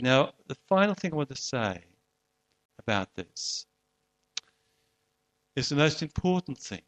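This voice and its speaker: A man's voice: fairly high pitch, sing-song, unhurried, pauses often. A man preaching a sermon in an earnest, conversational way, often restarting and asking rhetorical questions.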